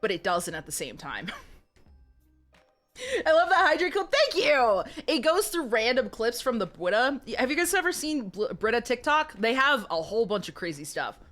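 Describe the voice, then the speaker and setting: A woman's voice: on the high side, sing-song, moderate pace, a bit bright, soft background music. A woman streamer chatting casually and giggling as she rambles to her viewers. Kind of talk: casual live-stream chat.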